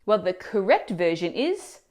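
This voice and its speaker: A woman teaching Italian pronunciation in a scripted video lesson, explaining words clearly and asking the viewer questions. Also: medium pitch, very animated, a little slow, darkish tone.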